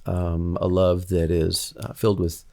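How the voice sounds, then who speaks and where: A man speaking slowly and reflectively as a podcast guest, pausing often with fillers. His voice is deep, with a gravelly rasp. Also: flat delivery, mellow. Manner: thoughtful, measured, with many fillers. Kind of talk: casual chat, reflective faith talk.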